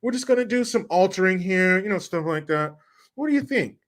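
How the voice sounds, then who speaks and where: A man voicing a scheming celebrity stepmother who talks in a coaxing, sing-song sales pitch. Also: expressive, fairly quick. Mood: wheedling.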